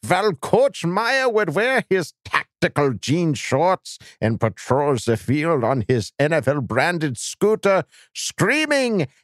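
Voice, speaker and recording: A man doing a comic put-on German voice, reading aloud slowly and stiffly on a podcast, recorded dry and close. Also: fairly high pitch, big pitch swings, fairly bright tone, no room sound, exaggerated voice. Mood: mock-solemn.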